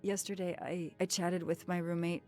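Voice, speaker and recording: A woman's voice: fairly low pitch, flat delivery, normal speed, a little mellow, soft background music, natural voice. A woman voicing a drowsy, faltering young stowaway. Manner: faltering, hesitant. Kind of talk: video game voice acting.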